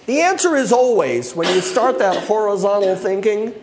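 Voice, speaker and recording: Animated male preacher, high lively voice. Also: normal speed, crowd noise. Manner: animated, acts out quoted voices, laughs often. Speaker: pastor. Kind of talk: expository sermon.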